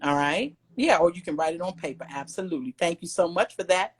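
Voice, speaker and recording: A woman's voice: lowish voice, animated, fairly quick, breathy edge. A female middle school teacher guiding her class, encouraging and giving instructions. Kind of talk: classroom lesson.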